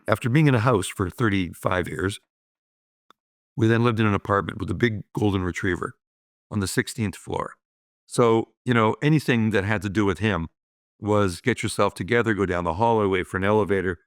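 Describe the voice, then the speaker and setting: A man in his sixties, a guest telling upbeat stories of his life in a relaxed conversational way, often adding "you know" and "right?". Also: fairly low pitch, normal speed, dry recording, clean studio sound. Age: 60s. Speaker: guest, business owner. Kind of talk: reflective conversational storytelling.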